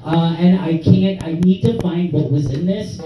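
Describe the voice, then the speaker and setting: Young man, rambling crude stand-up, slightly high voice, echoey club, distant mic, crowd audible. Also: normal speed, dull audio, over music. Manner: rambling, laughs at his own jokes, crude. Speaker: stand-up comedian. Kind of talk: stand-up comedy set. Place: comedy club with audience.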